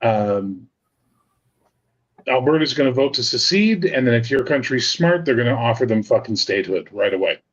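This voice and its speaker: A man's voice: mid-range voice, animated, normal speed, breathy edge. A Canadian man ranting profanely about politics in casual banter with friends. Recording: slightly dull lo-fi audio.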